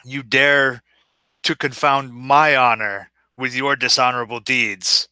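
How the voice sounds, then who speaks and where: A man's voice: mid-range voice, fairly even intonation, slow, bright, forceful tone, smooth, no room sound. A man playing a stern landowner who angrily accuses an intruder of dishonor. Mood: accusing. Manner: righteous, accusing speech. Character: stern young landowner defending his home.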